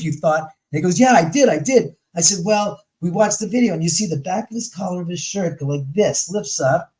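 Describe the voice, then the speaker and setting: A man's voice: sits high, darkish tone, poor audio. Blunt, profane man telling stories. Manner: blunt and profane, acts out quoted voices. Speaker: guest on a paranormal talk show. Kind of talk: casual storytelling in conversation.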